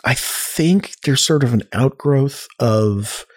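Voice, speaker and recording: Male guest telling rambling, animated stories in a relaxed chat. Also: mid-range voice, slow. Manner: rambling, animated storyteller with many restarts. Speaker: podcast guest. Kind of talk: casual storytelling chat.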